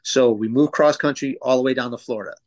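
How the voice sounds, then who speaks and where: A man in his thirties talks loosely as a guest on a podcast, piling up fillers and curse words as he tells his stories. His voice sits at an ordinary middle pitch. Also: quick pace. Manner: loose, profane storytelling with many fillers. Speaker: tattoo artist guest. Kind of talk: casual podcast conversation.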